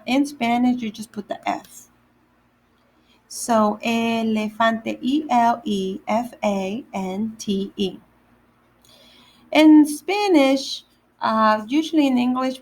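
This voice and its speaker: A woman teaching animal words to children in a slow, patient lesson, repeating each word and spelling it out letter by letter. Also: fairly high pitch. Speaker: day camp Spanish teacher.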